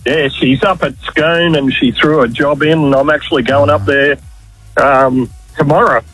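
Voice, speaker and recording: A man answers a radio host from his parked truck, keeping his replies short and easygoing. His voice is husky and slightly raised in pitch, and it comes through a dry, muffled phone line. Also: fairly even intonation, normal speed, a bit bright, dry recording, soft background music. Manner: brief, laid-back replies. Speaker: radio contest caller.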